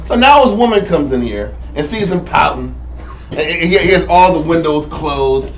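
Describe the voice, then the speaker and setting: A man's voice: a little high, expressive, normal speed. A man leading a casual bible study, joking and slangy, recorded from a distant mic. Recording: distant mic with background noise.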